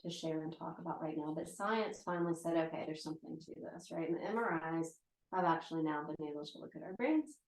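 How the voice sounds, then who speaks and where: Speaking a little fast in a deep voice, a yoga and meditation teacher in her forties gives a relaxed live lecture. She keeps it conversational with frequent "right?" tags, and there's roomy echo in the recording.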